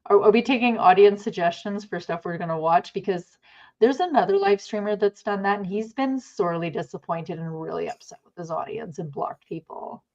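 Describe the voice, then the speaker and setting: A Canadian woman joins a casual live stream as co-host, chatty and teasing. Her mid-pitched voice sounds a bit dull and muffled, as if coming through a remote feed. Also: a little fast, darkish tone. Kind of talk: casual chat.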